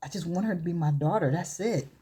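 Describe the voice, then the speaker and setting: A woman's voice: lowish voice, quick pace, warm tone, a little hiss or hum, natural voice. A woman voicing a firm, plainspoken young man. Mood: unsure.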